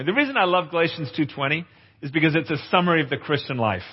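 This pastor, a man in his forties, delivers a confessional, earnest testimonial sermon in a conference hall and jokes playfully with the audience along the way. He talks quickly in a fairly high, husky, expressive voice. The recording has an echoey, somewhat dull hall sound.

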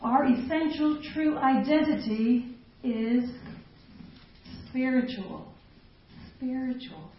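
A woman's voice: high voice, slow. A middle-aged woman gives a chatty, self-mocking talk to a women's group and laughs often as she goes. Her voice comes from a distance in a very echoey hall. The sound is dull and lo-fi, with a faint hiss behind it. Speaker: women's ministry speaker.

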